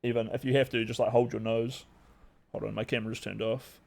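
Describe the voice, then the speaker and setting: A young man with a gravelly, creaky voice talks in a loose, rambling stream-chat style. He swears often and stacks up fillers as he goes. His pitch sits in the middle for a man. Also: level tone, brisk, a little mellow. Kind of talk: casual live-stream chat.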